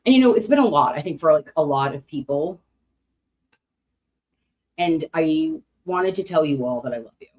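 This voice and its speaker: An American woman streaming casually to her chat, animated, cursing freely, and swinging up high when excited. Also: moderate pace, pauses often. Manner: animated, swearing, talks to chat.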